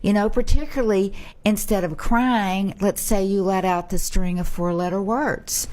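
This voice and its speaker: A woman's voice: medium pitch, steady tone, normal speed, a little mellow. A middle-aged woman, a brain health expert, giving advice in a casual panel chat and acting out little exchanges.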